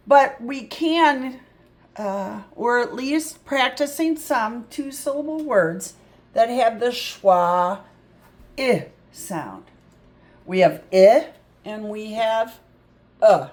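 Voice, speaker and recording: Slow-talking woman sounding out phonics. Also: lowish voice, darkish tone. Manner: chatty, sounds words out slowly, thinks aloud. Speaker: reading tutor. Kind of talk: phonics lesson.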